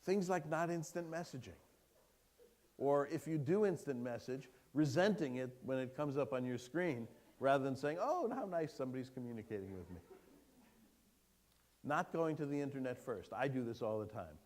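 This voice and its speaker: A man giving a keynote lecture to an audience, lively and engaging, putting questions to the room. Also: medium pitch, moderate pace. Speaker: keynote speaker. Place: lecture hall before an audience.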